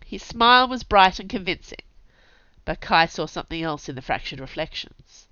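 Low-voiced woman narrating a story. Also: very animated, moderate pace, sharp tone, no room sound, highs cut off. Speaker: audiobook narrator.

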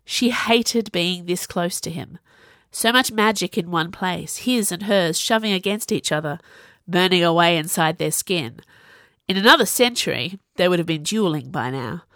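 A woman with a lowish voice reads a novel aloud in steady, even storytelling. The sound is close and completely dry, with no room around it. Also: normal speed, dry recording. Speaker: audiobook narrator. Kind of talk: scripted narration.

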